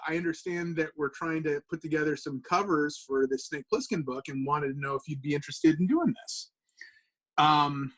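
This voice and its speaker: Speaking on the high side, the podcast guest, a man who draws comic books, rambles through an informal story with lots of cursing, animation and filler words.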